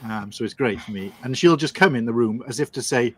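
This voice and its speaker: Guest type, man, mid-pitched, chatty storyteller, says mate a lot, dry recording. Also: fairly quick, dry recording. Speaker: guest on stream. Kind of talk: casual chat.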